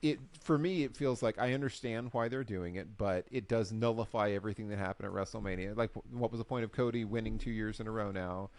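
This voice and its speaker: A man co-hosting a casual recap show, telling the story with lively acted-out quotes. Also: fairly low pitch, fast, hardly any pauses. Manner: animated storyteller, acts out quotes. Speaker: podcast co-host. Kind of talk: casual chat.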